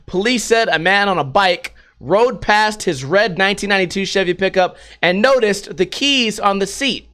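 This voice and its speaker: Podcast host, male, high voice, casual and profane, acts out the voices in his anecdotes. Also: moderate pace, hardly any pauses. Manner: profane, animated retelling with acted-out quotes. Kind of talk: casual storytelling and news commentary.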